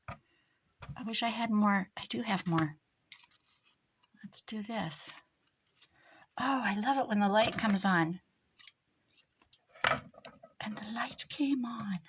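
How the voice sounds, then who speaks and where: A woman's voice: mid-range voice, fairly bright tone, a little hiss or hum. An older woman hosting a crafting tutorial, chatty and rambling, mocking herself and laughing often. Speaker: crafting video host.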